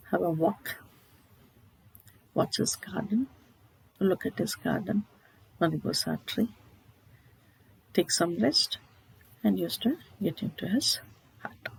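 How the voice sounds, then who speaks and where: A teacher retells a short story during a literature lesson, explaining as she goes, posing rhetorical questions to herself and checking in with "okay?". Her mid-range voice has vocal fry and a breathy edge. The recording is low quality.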